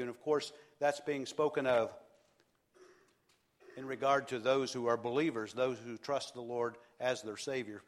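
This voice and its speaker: A male pastor delivers a sermon in an earnest, steady voice. He repeats key phrases and leans on pauses for emphasis. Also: mid-range voice.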